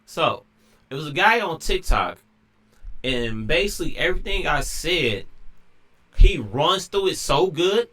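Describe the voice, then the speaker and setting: A man's voice: a little high, very animated, a little slow, pauses often, sharp tone. A man talking casually in a rambling monologue, full of slang and restarts. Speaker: commentator.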